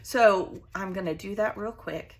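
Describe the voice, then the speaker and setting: A woman's voice: mid-range voice, a little slow. A woman hosting a casual craft tutorial, chatty and bubbly as she works at her home craft table. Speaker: crafting channel host.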